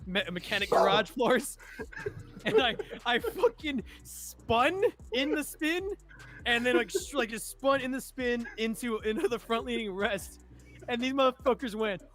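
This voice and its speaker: A young man telling army stories in casual chat, profane and laughing often, acting out shouting sergeants. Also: very high voice, unhurried. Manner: animated, acts out sergeants' shouts. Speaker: streamer and army veteran.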